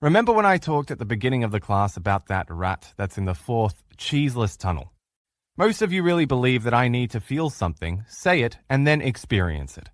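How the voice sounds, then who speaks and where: A man's voice: medium pitch, very animated, a little fast, no echo, studio quality. A middle-aged man teaching a recorded relationship-coaching lesson in an earnest, coaching manner. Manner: earnest, coaching, acts out quoted replies in changed voices.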